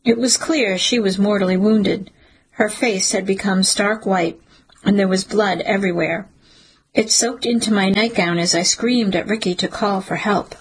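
A woman narrating a dark first-person story in a grave, measured audiobook reading. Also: medium pitch, steady tone, breathy edge, rough recording.

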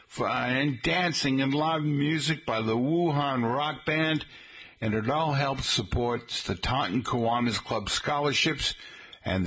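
A middle-aged man hosting a local radio show, chatting in a folksy way and slowly spelling out details for listeners. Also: medium pitch, a bit bright, breathy edge. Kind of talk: casual radio talk. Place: radio studio.

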